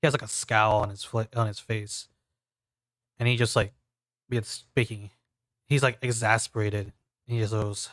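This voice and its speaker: A man's voice: fairly low pitch, little pitch movement, moderate pace, long pauses, a bit bright, no echo. A man narrating a tabletop game as game master, in a loose, casual way with many fillers.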